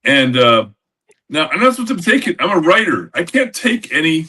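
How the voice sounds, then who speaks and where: An older man co-hosting a podcast, telling a rambling anecdote with lots of halting restarts over a video call. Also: on the high side, big pitch swings, pushed and bright, breathy edge, distant mic. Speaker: podcast co-host. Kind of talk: casual storytelling.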